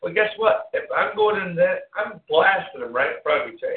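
A man hosting casual sports talk, ranting with animated sarcasm. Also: on the high side, brisk. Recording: tinny phone-like sound in an echoey room.

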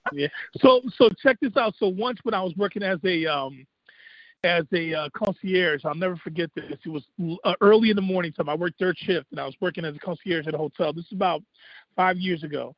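Brief: middle-aged radio host from Chicago, high voice, easygoing rambling storyteller; dull, dry lo-fi recording. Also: male voice, brisk, no room sound. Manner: easygoing, rambling anecdotes with repeated words. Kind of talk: casual chat, storytelling.

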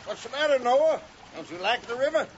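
A man's voice: very high voice, fairly quick. A homespun Oklahoma farmer father. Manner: homespun, lively. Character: hopeful, plain-spoken farmer father. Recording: dull, faintly hissy old film soundtrack.

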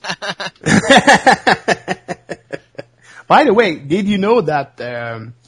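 A man in casual chat, speaking slowly and haltingly with plenty of pauses. His voice sits at a middle pitch. He drops in offhand questions and asides. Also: big pitch swings, a bit bright, husky. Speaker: podcast co-host.

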